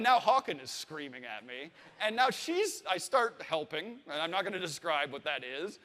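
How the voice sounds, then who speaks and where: This is a man in his thirties telling a comic story at a live event, with a high voice that swings wide in pitch. He swears freely and acts out the people in it. A long reverb trails after his words, as in a big hall. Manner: animated, swearing, acting out voices and laughing. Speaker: storyteller on stage. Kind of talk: comic personal anecdote to a live audience.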